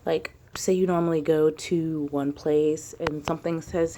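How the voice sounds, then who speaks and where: A woman's voice: low voice, fairly even intonation, unhurried, mellow, a little hiss or hum. A woman talking casually to camera in a rambling spiritual vlog, full of fillers like "like" and "you know" and casual swearing. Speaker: spiritual vlogger.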